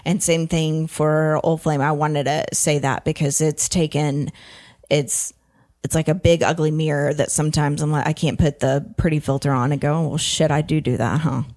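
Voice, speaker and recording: A woman's voice: low-pitched, level tone, moderate pace, darkish tone. A woman in her thirties with a Southern US accent, co-hosting a casual podcast chat, rambling and swearing as she acts out quotes. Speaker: podcast co-host. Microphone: headphones.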